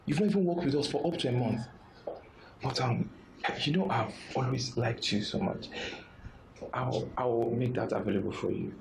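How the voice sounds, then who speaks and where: A man's voice: on the high side, animated, fairly quick, long pauses, close to an everyday voice. An actor playing a male bank manager who scolds a new staff member and then turns coaxing and overfamiliar. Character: stern male bank manager, boss turning creepy. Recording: echoey room with background noise.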